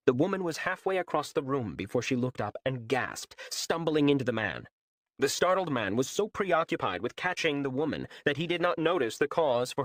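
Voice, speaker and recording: Man narrating with a lively voice. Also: mid-range voice, dry recording, clean studio sound. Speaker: audiobook narrator. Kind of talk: scripted fantasy narration.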